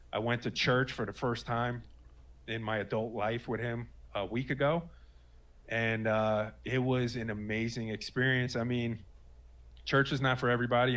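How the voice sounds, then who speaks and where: Earnest and rambling, a guest in his late thirties recounts a personal story as casual spoken testimony, his speech full of fillers and restarts. His voice is medium-pitched and fairly bright.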